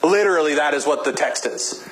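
A man's voice: a little high, animated, a little fast, a bit bright, rough recording. A man preaching a sermon as a pastor, emphatic and exhorting, with casual joking asides.

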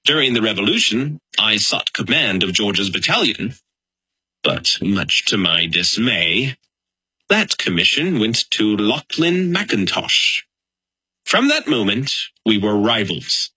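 A man's voice: on the low side, sharp tone, slightly rough, no echo, exaggerated voice, rough recording. A man playing a proud, honor-bound revolutionary signer, speaking in a dramatic, emphatic historical monologue. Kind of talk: first-person historical monologue.

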